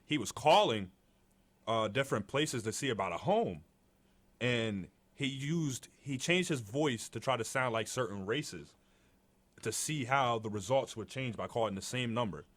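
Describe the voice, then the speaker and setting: A young man with a deep voice talks loosely and casually. He co-hosts a podcast and leans on fillers as he talks. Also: moderate pace. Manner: relaxed, conversational, many fillers. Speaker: podcast co-host. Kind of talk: casual chat.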